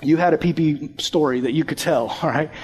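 A young adult man preaching a sermon, telling a personal story in an animated way and acting out voices from it. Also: a little high, a little fast, slightly rough. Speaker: youth pastor.

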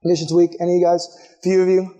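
A man with a high, light voice delivers a relaxed youth sermon. He talks to the room directly in casual slang and acts out the people in his story with quick jumps in pitch. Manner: animated storytelling, acting out characters with sudden high-pitched quotes. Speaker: youth pastor.

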